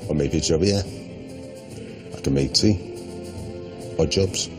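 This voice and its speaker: An actor playing a glum, sincere man with a slow, flat delivery. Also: extremely low pitch, music in the background. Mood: solemn.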